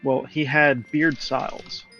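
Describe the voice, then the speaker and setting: A man's voice: medium pitch, level tone, slow pace, pushed and bright, dull audio, soft background music. A man chatting casually during a game stream, telling a long, rambling story and laughing along as he goes. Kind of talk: casual chat while gaming.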